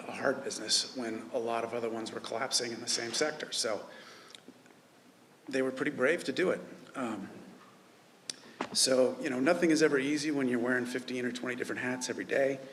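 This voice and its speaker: A man who runs a news website speaking at a memorial service, halting with many filler pauses. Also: medium pitch, steady tone, a bit bright, slight background noise. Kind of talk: memorial tribute speech. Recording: reverberant hall with faint ambience.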